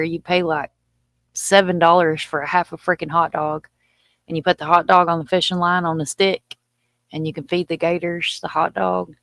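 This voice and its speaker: Gravelly Southern woman chatting on a livestream. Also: fairly low pitch, no room sound. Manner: chatty and folksy, reading out viewer comments. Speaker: livestream host. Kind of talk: casual livestream chat.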